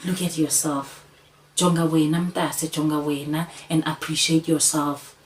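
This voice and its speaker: A woman's voice: sits low, little pitch movement, a little slow, poor audio. A woman giving an earnest, repetitive motivational talk to camera, coaxing the listener again and again. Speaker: channel host.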